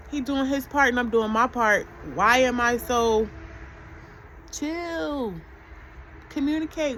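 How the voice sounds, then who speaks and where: Casual vlogger, woman, high-pitched and chatty, a faint hiss behind her. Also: poor audio. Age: adult mother. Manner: chatty, conversational, asks rhetorical questions. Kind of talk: casual spiritual self-help talk.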